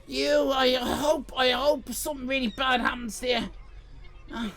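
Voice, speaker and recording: An Irish man livestreaming, shouting and swearing in a comic rant. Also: extremely high pitch, little pitch movement, a little slow, a little hiss or hum. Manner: loud, profane ranting and shouting; comic exasperation. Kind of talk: live stream chat.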